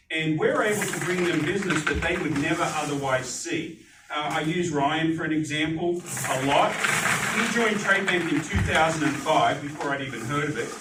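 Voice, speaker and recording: A man giving a live sales pitch at a business networking meeting, animated and putting questions to the audience. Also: noisy background. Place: meeting room. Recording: echoey room, distant mic.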